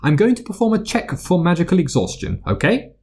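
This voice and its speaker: A man voicing a brisk, kindly middle-aged female school nurse in a storybook reading, with a husky voice. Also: sits high, very animated, a little mellow, pitched above the performer's own voice, exaggerated voice.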